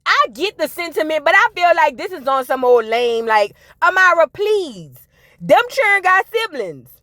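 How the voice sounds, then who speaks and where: A woman's voice: sits high, big pitch swings, unhurried, a bit bright, no room sound. A woman giving a sassy, opinionated recap of a reality TV episode, talking straight to her viewers. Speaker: reality TV reviewer. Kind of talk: casual recap commentary.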